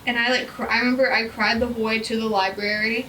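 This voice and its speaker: A woman's voice: on the high side, flat delivery, fast talker, bright, forceful tone, recorded from a distance, slight background noise, rough recording. A teenage girl co-hosting a student podcast, telling stories in casual chat and acting out the lines she quotes with lots of giggles. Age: teens.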